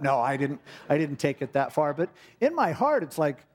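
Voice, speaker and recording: Middle-aged man, pastor telling a sermon story, animated and expressive, voice sits a bit high. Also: normal speed, few pauses. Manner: animated storytelling, acting out quoted speech.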